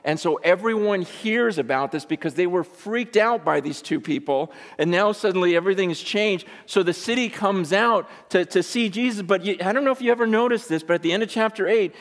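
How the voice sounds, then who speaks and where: A man's voice: high-pitched, a little fast, few pauses. Emphatic preacher, man, echoey hall. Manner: emphatic, rhetorical questions to the congregation. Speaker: pastor. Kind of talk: sermon.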